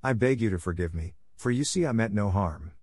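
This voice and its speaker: A man's voice: fairly low pitch, animated, fairly quick, a little mellow, breathy edge, no echo, studio quality. A man reading the part of a timid, terrified middle-aged merchant father in a storybook audiobook, speaking in an anxious, pleading way.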